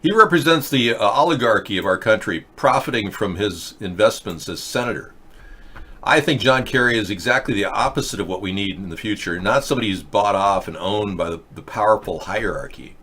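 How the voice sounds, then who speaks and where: A man's voice: lowish voice, expressive, a little fast, fairly bright tone, breathy edge. A man hosting a political talk show, chatting casually and thinking aloud with plenty of fillers and restarts. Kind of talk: rambling casual commentary. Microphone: webcam or desk mic for a video chat.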